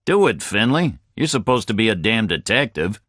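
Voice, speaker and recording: A man's voice: fairly low pitch, very animated, moderate pace, fairly bright tone, dry recording, clean studio sound, pitched above the performer's own voice. A man voicing a blunt, insistent male drifter who presses his point. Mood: pushy.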